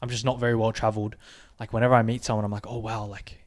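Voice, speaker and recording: A young man talks fast in a loose, rambling way, stacking up "like" and "bro" as he hosts a late-night chat. His voice sits at an ordinary middle pitch. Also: little pitch movement. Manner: rambling, heavy on filler "like" and "bro". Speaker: podcast host.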